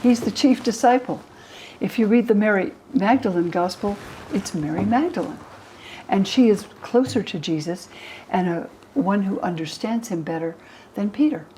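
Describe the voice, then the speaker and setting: Speaking at a moderate pace in a mid-range voice, the American woman in her eighties, a historian of religion, brings her stories to life by acting out quotes for a documentary. The audio is poor, with a little hiss or hum.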